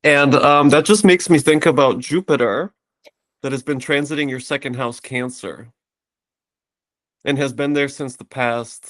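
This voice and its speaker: A man giving an astrology reading in a calm, explanatory way. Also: mid-range voice, unhurried. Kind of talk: casual consultation.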